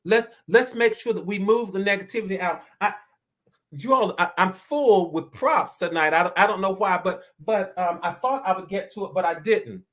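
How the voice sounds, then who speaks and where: Inspirational speaker, sermon-style delivery, mid-pitched voice, stammers and repeats, slows down hard for emphasis. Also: fairly bright tone. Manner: preacher-like, rising to emphatic declarations. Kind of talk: motivational sermon-style talk.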